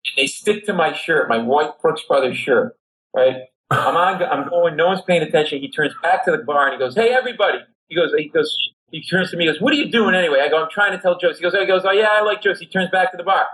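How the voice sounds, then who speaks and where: A middle-aged man from Rhode Island, a guest comedy writer telling a comic story, who acts out the people in it with big jumps in pitch. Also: quick pace, a bit bright, poor audio.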